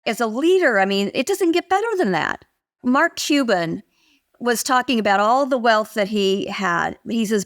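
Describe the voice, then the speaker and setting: An older woman, a motivation expert, talking as a guest in an interview and telling stories with lively acted-out quotes. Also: fairly high pitch, normal speed. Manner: animated storyteller, acts out quoted voices. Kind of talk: interview conversation.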